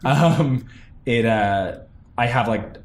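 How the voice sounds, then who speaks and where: A man's voice: mid-range voice, slow. A young man, a stage actor, chatting in an interview about his role, talking animatedly with many fillers and restarts. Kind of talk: casual interview.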